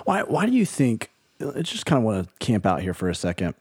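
A man's voice: fairly low pitch, huge pitch swings, fairly quick, darkish tone, husky, dry recording, clean studio sound. A man hosting a podcast, asking reflective questions and thinking aloud. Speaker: podcast host. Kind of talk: conversational interview questions.

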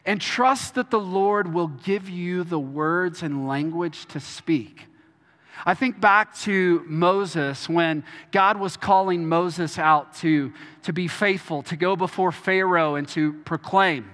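Pastor from Texas, very high and bright voice, earnest, stumbling restarts, reverberant church hall. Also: male voice, slow pace. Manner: earnest, repeats words and restarts often. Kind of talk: sermon.

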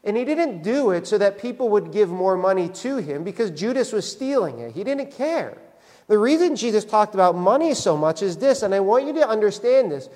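High-voiced pastor preaching in a reverberant hall. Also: male voice. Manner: conversational, repeats "right?" for emphasis. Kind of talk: sermon. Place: church sanctuary.

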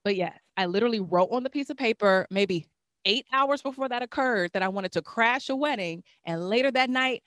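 A young woman hosting a casual chat, telling a lively story and acting out the voices of the people in it. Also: on the high side, fairly quick, no room sound. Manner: animated, acts out voices in her stories.

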